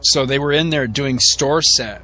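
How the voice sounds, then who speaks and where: A man's voice: medium pitch, a little slow, pushed and bright, soft background music. A man co-hosting a podcast who adds wry, joking asides in casual chat. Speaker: podcast co-host.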